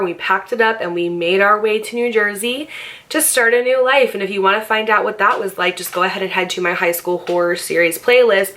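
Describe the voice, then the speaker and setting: Bright-voiced young woman telling a story. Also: lowish voice. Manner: chatty and animated, swears freely, acts out quoted voices. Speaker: storytime vlogger. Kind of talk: casual storytelling to camera.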